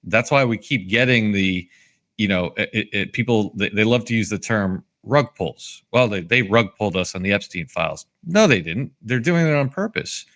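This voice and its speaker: A low-pitched American man hosting a talk show. He speaks earnestly in a loose, conversational way and is quick to build on his guest's points. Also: expressive, fairly bright tone. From United States. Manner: earnest, agreeing, quick to jump in. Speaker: show host. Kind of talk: casual talk-show discussion.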